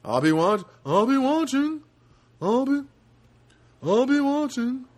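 Whiny male comedian impression, high and slow, done by a man on a podcast. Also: sing-song, a little mellow, heavily acted.

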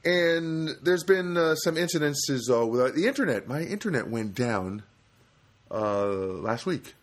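A man's voice: medium pitch, lively intonation, measured pace. A man telling a humorous personal anecdote in a rambling, self-deprecating, grumbling way. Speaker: storyteller.

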